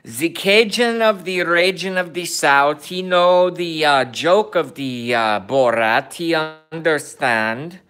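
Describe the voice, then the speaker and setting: A man putting on a mock Kazakh accent, playing a crude, bragging foreigner in slow, halting broken English. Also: fairly high pitch, fairly bright tone, smooth, voice pushed up. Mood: goofy. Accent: put-on mock Kazakh accent. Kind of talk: comedic impression in a vlog.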